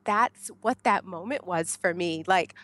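A woman from the United States, a podcast guest, tells her story in a casual, animated way. She laughs often and acts out what she shouted back then. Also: fairly low pitch, unhurried, dry recording.

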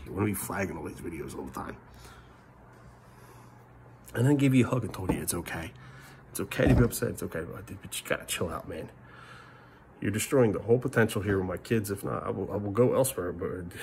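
A middle-aged man ranting in a vlog monologue, rambling and frustrated, swinging between loud outbursts and muttered curses. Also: lowish voice, lively intonation, fairly quick, creaky, slight background noise. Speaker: family vlogger.

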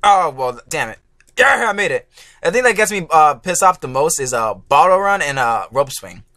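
A high-pitched man giving let's play commentary, his voice bright and bouncing up and down. He swears freely and shouts at the game, then groans when he fails. The sound is dry and close. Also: moderate pace, dry recording. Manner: excitable, swears a lot, yells at the game; groaning frustration at failures. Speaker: gaming YouTuber.

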